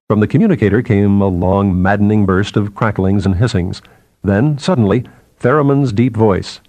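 A man reading an audiobook in a measured, expressive manner. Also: lowish voice, dry recording. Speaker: audiobook narrator. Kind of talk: scripted narration.

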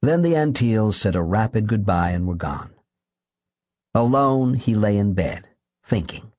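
Husky low guy reading a novel, lively pitch, dry close mic. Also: a little slow, no room sound. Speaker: audiobook narrator. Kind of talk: scripted narration.

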